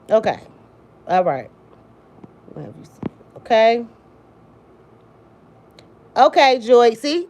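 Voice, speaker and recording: A woman hosting a casual livestream, talking emphatically to her viewers by name and repeating her points. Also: mid-range voice. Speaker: livestream host. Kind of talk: casual livestream chat reading comments.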